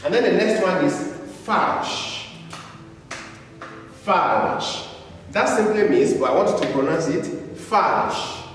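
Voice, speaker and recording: A man's voice: sits high, animated. A man teaching a beginners' German class, speaking patiently and repeating each word for learners to say after him. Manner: patient, repetitive, drawn-out words. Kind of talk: slow classroom lecture with repeat-after-me drills. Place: classroom with a board. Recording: echoey hall, voice from far off.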